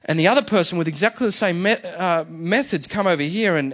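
A man's voice: sits high, fairly quick, hardly any pauses, a bit bright. A male senior pastor giving a sermon in a conversational way, often restarting his phrases. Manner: conversational, with frequent fillers and restarts.

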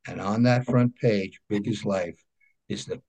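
A man with a New York accent, a guest telling lively anecdotes in a casual interview and often checking in with "right?". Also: lowish voice, measured pace, vocal fry. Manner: animated anecdotes, frequent "right?" check-ins. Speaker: guest, comic book creator.

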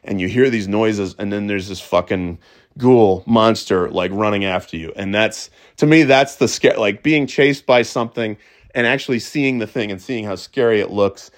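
A middle-aged man talking casually as a podcast host, excitable and stumbling over restarts, swearing freely. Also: lowish voice, moderate pace. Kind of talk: casual monologue.

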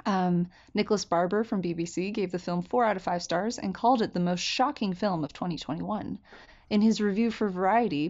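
Woman, podcast co-host, casual film talk, filler words, slightly dull recording. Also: medium pitch. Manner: relaxed, many fillers, reads notes.

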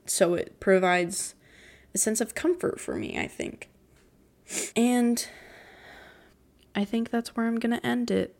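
A woman's voice: a little high, slow pace, vocal fry, long pauses, a little mellow. A teenage girl hosting a casual solo podcast, recapping a cartoon in a rambling way full of "like", emotional and with a voice quaking on the verge of tears. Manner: emotional, near tears, giggly, rambling with many "like"s. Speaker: podcast host.

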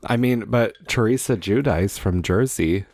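A young man co-hosting a podcast, telling gossip in a chatty, animated way with frequent laughter. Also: on the low side, unhurried, dry recording, clean studio sound. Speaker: podcast co-host. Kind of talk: casual chat.

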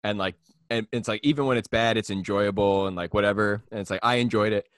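A young man with a lowish voice tells a rambling, laugh-filled story in casual podcast chat. The sound is dry and close to the mic, and he keeps breaking into quick impressions of people. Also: steady tone, no echo. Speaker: podcast host.

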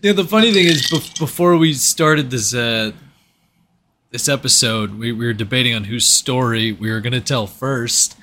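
A man co-hosting a casual podcast, reacting to a story with quick interjections and teasing. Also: mid-range voice, bright, forceful tone, slight background noise. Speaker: podcast co-host. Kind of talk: casual chat.

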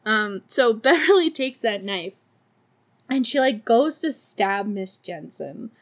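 This woman's podcast movie recap is loose and conversational, full of sarcastic swearing and plenty of laughs. Her mid-range voice has lively intonation and an unhurried pace.

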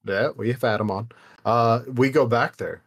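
Young male co-host, mid-pitched, rambling and relaxed, drops casual curses. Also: measured pace. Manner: rambling, loose, swears casually. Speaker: podcast co-host. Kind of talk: casual podcast chat.

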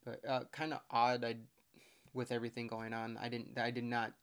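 A young man chatting on a casual podcast, his mid-pitched voice carrying a gravelly edge. He reads from notes in a loose, rambling way and trips over hard words as he goes. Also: monotone, normal speed, a bit bright. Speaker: podcast co-host. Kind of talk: casual chat.

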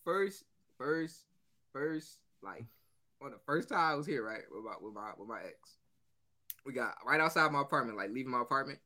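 Guy on a podcast, bright lively voice, laughing thru his stories. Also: medium pitch, moderate pace. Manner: animated storytelling, laughing often. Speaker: podcast co-host. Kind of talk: casual banter.

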